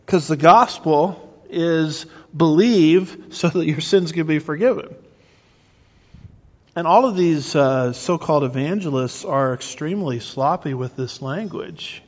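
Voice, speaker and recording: A middle-aged man preaching emphatically, asking rhetorical questions and restarting his phrases. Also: fairly high pitch. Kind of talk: sermon-style teaching. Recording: muffled recording with long reverb.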